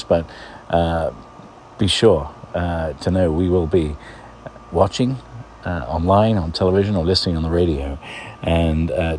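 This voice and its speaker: A man's voice: deep voice, a little hiss or hum. A man hosting a casual segment, chatting loosely with lots of fillers. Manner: relaxed, chatty, many uh fillers. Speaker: radio host. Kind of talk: casual weekly segment chat.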